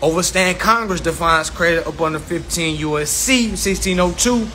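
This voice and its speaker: Give me a man with a bright, fairly high voice, preaching a profane informal lesson and hammering his points home. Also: moderate pace, slight background noise. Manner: repeats phrases for emphasis. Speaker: self-styled credit instructor. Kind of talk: informal lecture to viewers.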